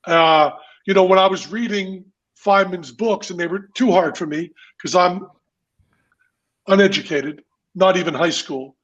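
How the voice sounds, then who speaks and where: A man with a fairly high voice tells stories as a guest on a podcast. He talks in an emphatic, theatrical way and swears for effect. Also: a little slow, fairly bright tone, dull audio. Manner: emphatic, profane, theatrical storytelling. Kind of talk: casual storytelling chat.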